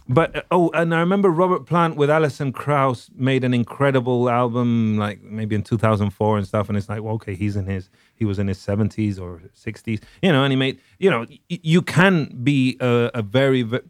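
Guy rambling on a podcast, lots of ums, mid pitch, dry close sound. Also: fairly even intonation, fairly quick, no room sound. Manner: rambling, full of fillers and restarts. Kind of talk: casual chat.

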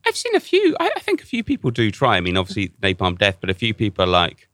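Lively bright-voiced man chatting. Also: fairly low pitch, fast talker, no echo, studio quality. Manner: animated storytelling with many restarts. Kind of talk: casual chat.

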